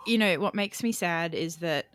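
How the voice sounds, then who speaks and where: A woman's voice: on the low side, normal speed, loud music behind the voice. A woman hosting a podcast in casual chat, affirming her guest and explaining with worked examples. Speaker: podcast host.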